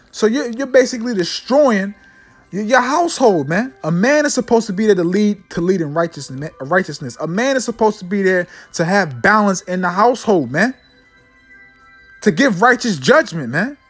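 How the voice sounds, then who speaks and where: A man preaching a fiery sermon, ending nearly every line with "man" and slowing down to read scripture solemnly. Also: high voice. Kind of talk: fiery street-style sermon with scripture readings.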